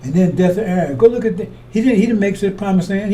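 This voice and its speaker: Fiery high-voiced preacher far from mic. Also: male voice, lively intonation, fast, dark tone. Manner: accusatory, repetitive, preaching from scripture. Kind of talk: fiery scripture commentary.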